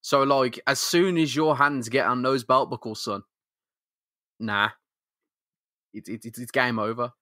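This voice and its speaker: A man's voice: medium pitch, unhurried, pauses often, pushed and bright, dry recording, studio quality. A man co-hosting a podcast, trading slangy, laughing banter about a comic. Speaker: podcast co-host. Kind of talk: casual comic chat.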